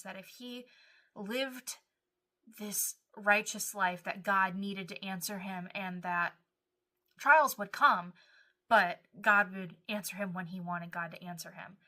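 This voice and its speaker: An earnest woman gives a devotional Bible teaching, acting out short prayers and verses along the way. She speaks at a measured pace in a bright, forceful voice of middle pitch.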